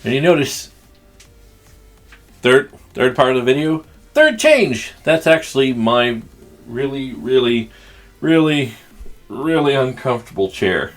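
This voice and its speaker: A chatty man with a Southern country accent rambles through a game unboxing, cracking crude jokes along the way. His voice sits at an ordinary middle pitch, with faint music behind him. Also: a little slow, long pauses. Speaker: gaming channel host. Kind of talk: casual unboxing commentary.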